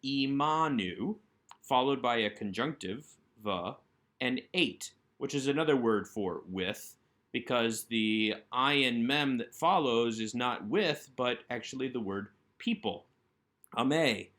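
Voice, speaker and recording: A man's voice: medium pitch, animated, takes it slowly, fairly bright tone. A man teaching Hebrew grammar in a recorded workbook lesson, patiently and methodically explaining each word.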